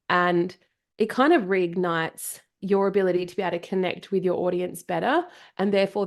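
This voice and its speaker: Breathless Australian woman, lowish voice. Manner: energetic, emphatic, repeats for emphasis. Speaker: podcast guest, marketing coach. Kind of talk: casual interview chat.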